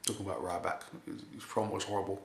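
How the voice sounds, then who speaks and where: Gravelly rambling man recapping wrestling. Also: low voice, racing. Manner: rambling, repeats "basically", chuckles often. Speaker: wrestling show reviewer. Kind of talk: casual recap monologue. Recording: echoey room with faint hiss.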